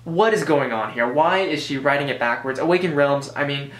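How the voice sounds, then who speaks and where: A man's voice: mid-range voice, brisk, a bit bright. Joking American man in an echoey room. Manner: rambling, joking asides, self-correcting. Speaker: board game reviewer. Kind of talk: casual review commentary. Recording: roomy echo.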